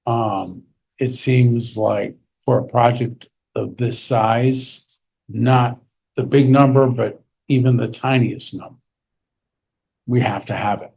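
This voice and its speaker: A man with a New England accent, a board member at a town meeting, explaining points in a measured way. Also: medium pitch, fairly even intonation, vocal fry, darkish tone, slightly rough. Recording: dull community TV audio with faint room noise.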